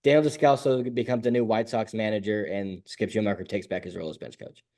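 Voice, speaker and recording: A man co-hosting a casual sports podcast, talking in quick, opinionated bursts and jumping into high mocking voices now and then. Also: steady tone, a little mellow. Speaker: podcast co-host.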